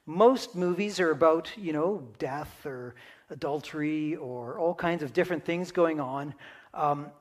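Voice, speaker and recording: A man preaching a sermon in a conversational teaching manner, often checking in with his listeners. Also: on the high side. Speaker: pastor.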